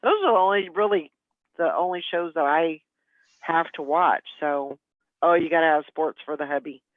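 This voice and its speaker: A woman's voice: low voice, moderate pace, dry recording. A woman hosting a casual morning chat show, chatting and agreeing with her guests. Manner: chatty, brief agreeing interjections. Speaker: host of a morning live-stream show. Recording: dull lo-fi sound.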